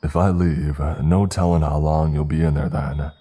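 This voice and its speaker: Guy reading a creepy smiling stranger, super deep and dark, coaxing. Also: steady tone, moderate pace, faint music behind. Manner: smooth, coaxing. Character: smiling sinister male stranger at the door.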